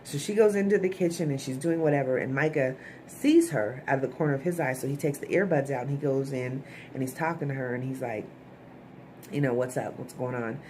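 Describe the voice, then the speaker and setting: A woman's voice: very deep voice, a little fast, a little mellow, slight background noise. A woman giving a casual, chatty recap of a TV episode to her viewers, often checking in with "okay?" asides. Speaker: TV show reviewer.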